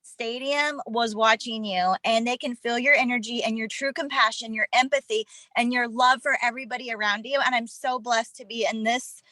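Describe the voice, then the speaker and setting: A woman's voice: a little high, fairly even intonation, normal speed, pushed and bright, no echo, low-quality recording. A woman on a real estate team, earnestly thanking her coach in front of the group. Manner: earnest and gushing. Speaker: team member.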